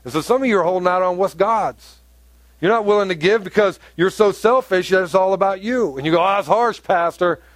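High-voiced animated pastor preaching. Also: male voice, fairly quick, no room sound. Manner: animated preaching, rising to emphatic peaks. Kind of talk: sermon.

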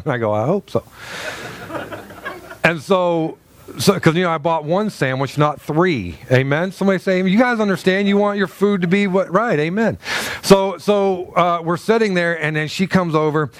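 A man's voice: fairly high pitch, dry recording. A middle-aged man preaching a sermon as a pastor, telling a story in a loose, conversational way with many fillers and restarts.

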